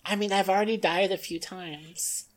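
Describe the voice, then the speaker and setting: A woman's voice: medium pitch, fairly even intonation, normal speed. Stammering woman player. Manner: hesitant, stammering restarts, easily amused. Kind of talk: playing a tabletop game in character.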